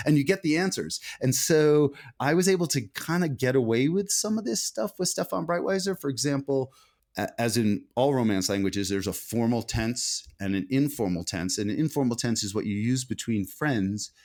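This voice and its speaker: In a conversational interview, a middle-aged male author talks with a mid-range, expressive, slightly mellow voice at normal speed. He wanders thoughtfully through his points and often starts sentences over.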